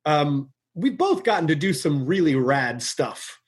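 A podcast host with a slightly high, slightly rough voice leads a casual conversation, very animated and full of enthusiasm. He is halting, often restarting and repeating words while searching for them.

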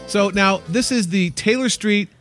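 A man from Chicago hosting a casual radio chat, joking and bantering with quick lively delivery. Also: sits high, faint music behind. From Chicago, USA. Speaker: host.

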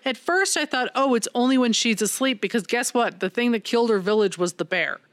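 Co-hosting a casual movie chat, this woman rambles, curses freely, and picks the plot apart while making fun of poor accents. Her voice is slightly high and fairly fast. There's no room sound at all.

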